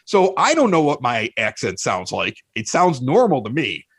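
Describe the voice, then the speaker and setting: A man with a Chicago accent, a podcast guest telling animated, self-mocking stories in casual chat, often restarting his sentences. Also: medium pitch, normal speed, slightly rough, dry recording.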